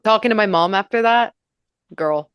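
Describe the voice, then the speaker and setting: A woman podcast co-host from New York, chatting casually and reading history notes, loud and profane, breaking into shrieking laughter. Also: mid-range voice, moderate pace, smooth, dry recording, highs cut off.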